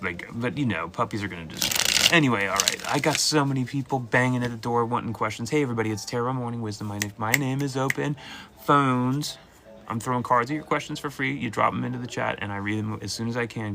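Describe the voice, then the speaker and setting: Hosting a live call-in tarot reading, this man chats with viewers casually and playfully, full of animation and quick to slip into mock voices. He talks fairly fast in a gravelly, medium-pitched voice against a noisy background.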